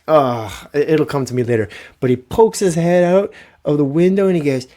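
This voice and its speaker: Dark-voiced man telling stories. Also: on the high side, normal speed. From Canada. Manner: animated, profane, rhetorical "right?". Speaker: podcast host. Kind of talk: comic storytelling.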